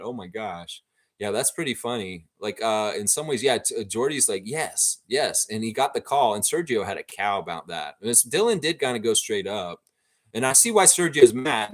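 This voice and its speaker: A man hosting a livestream watchalong, giving live reaction commentary on a basketball game in an opinionated, excitable way and openly rooting for his team. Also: fairly low pitch.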